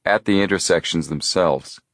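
A man voicing a calm, methodical teenage detective boy who explains his reasoning in a measured way. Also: low-pitched, dry recording, clean studio sound.

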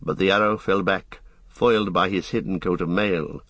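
A man reading a fantasy story aloud as an audiobook narrator, in a steady storytelling manner. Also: low-pitched, moderate pace, no echo. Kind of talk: scripted narration.

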